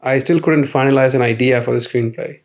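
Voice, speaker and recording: Deadpan man with dry, sardonic delivery. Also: mid-range voice, brisk. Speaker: comedy series narrator. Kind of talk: deadpan comic monologue.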